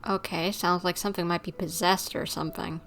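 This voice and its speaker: A woman's voice: on the low side, fairly even intonation, a bit bright, slight background noise. A woman streamer reading and commenting casually over a video game. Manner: casual, quick asides. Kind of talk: casual let's-play commentary.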